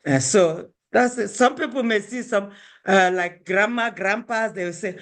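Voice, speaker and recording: A woman's voice: mid-range voice, normal speed, a bit bright. A woman from Owerri, teaching an online language class over a video call and patiently repeating words as she switches between languages. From Owerri, Nigeria. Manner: explains patiently, repeating Igbo words and mixing them into English.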